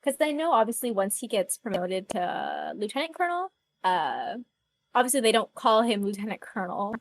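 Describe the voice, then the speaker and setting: A woman's voice: fairly high pitch, lively intonation, moderate pace. A woman co-hosting a podcast, chatty and a little hesitant, musing aloud in casual fan chat. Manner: chatty, hesitant, with many fillers. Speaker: podcast co-host.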